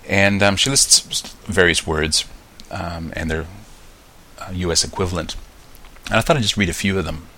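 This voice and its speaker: A man's voice: low voice, fairly even intonation, moderate pace, pushed and bright, slight background noise. An American man with a slight New Zealand mix in his accent, hosting a podcast in a rambling, chatty monologue full of ums and restarts. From United States. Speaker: podcast host.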